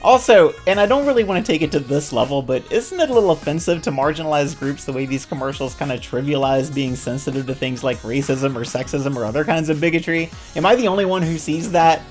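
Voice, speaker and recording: A woman's voice: low voice, quick pace, hardly any pauses, a little mellow, faint music behind. A woman commentator ranting about commercials in a casual, sarcastic, exasperated way. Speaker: video commentator.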